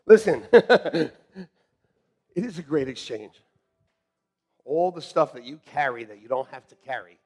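A man preaching a sermon as pastor, animated and joking, laughing often with the congregation. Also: on the high side, measured pace, long pauses, husky, soft background music.

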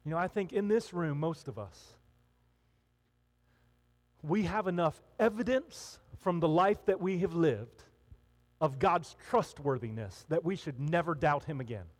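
High, lively-voiced male preacher. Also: measured pace, big-room sound. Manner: animated, acts out voices of people in the story. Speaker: pastor. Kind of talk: sermon. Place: hall with an audience.

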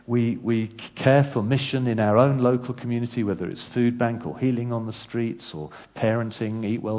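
A man preaching as pastor in a church, calm at first, then building to loud emphatic lists with repeated words. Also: lowish voice. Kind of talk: sermon. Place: church hall.

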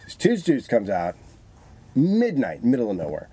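A man in casual chat, telling profane, animated stories about his past work. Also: mid-range voice, moderate pace, slightly rough. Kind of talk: casual storytelling.

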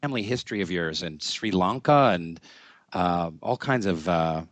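A man's voice: deep voice, animated, moderate pace, dry recording. A middle-aged man hosting an interview over a video call, playful and jokey as he talks. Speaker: podcast host.

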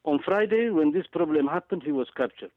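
A man's voice: a little high, animated, brisk, no room sound. Emphatic man on a tinny phone line. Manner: emphatic, repeats words, frequent hesitant fillers. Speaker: guest analyst. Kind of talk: impassioned political commentary.

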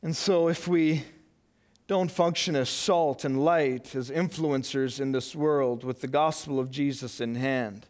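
A male pastor preaching a sermon, repeating phrases for emphasis and swinging from loud emphatic peaks to hushed, intense low passages. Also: fairly even intonation, a little slow.

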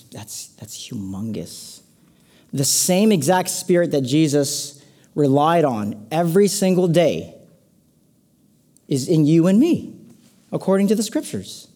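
A male pastor preaching to a congregation in a relaxed, conversational way. His voice is mellow and warm, and he slips playful asides into the sermon. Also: a little high.

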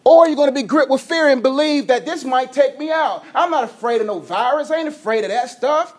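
A man preaching a sermon as a pastor, energetic, dropping from loud to hushed, sometimes stuttering and tripping over his words. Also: very high voice, fairly quick.

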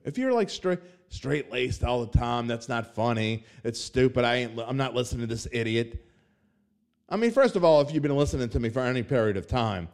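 A man's voice: fairly high pitch, darkish tone. Rambling, self-mocking podcast host man. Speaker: podcast host and sports betting writer. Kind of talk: casual solo podcast talk.

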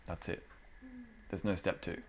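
A man's voice: unhurried, a little hiss or hum. A man preaching to a small indoor group in a casual, conversational way, acting out the inner voices of his listeners. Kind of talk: casual informal sermon.

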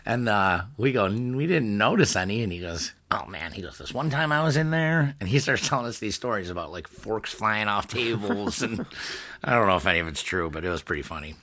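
A young man from the Niagara Falls area tells a story in loose podcast chat, laughing between lines and acting out what people said. His bright voice swings high and low. It has a slightly husky edge. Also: a little fast. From Niagara Falls area, New York. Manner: animated storyteller, laughs often, acts out quotes. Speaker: podcast co-host.

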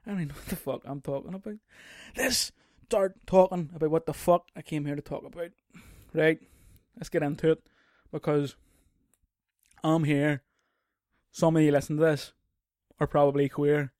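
Brief: male solo podcaster, slightly high voice, profane and rambling, dry close sound. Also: fairly even intonation, moderate pace, dry recording. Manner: profane, rambling, jumps into loud mocking outbursts. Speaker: podcast host. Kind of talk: casual solo podcast rant. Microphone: mic on a stand.

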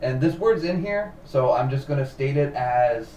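A man's voice: medium pitch, expressive, moderate pace, a little mellow. A man hosting a casual podcast and telling a cult story from his notes, repeating himself now and then. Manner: narrates from notes, repeats words, laughs easily. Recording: roomy distant mic with faint noise.

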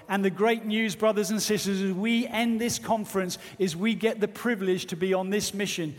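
A man's voice: sits high, moderate pace. A man preaching a sermon with fervent, earnest exhortation. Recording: long hall reverb.

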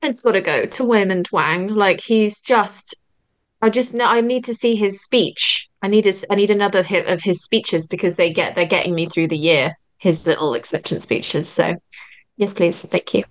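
A woman chatting casually as a podcast guest. She gushes with excitement, her words tumbling out eagerly. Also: medium pitch, moderate pace. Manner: gushing, excitable. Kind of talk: casual roundtable chat.

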